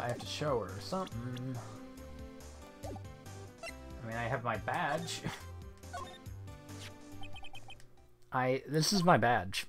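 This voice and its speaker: Laughing man streaming a game. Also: medium pitch. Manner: laughs often, joking. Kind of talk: casual gameplay commentary, reading dialogue aloud.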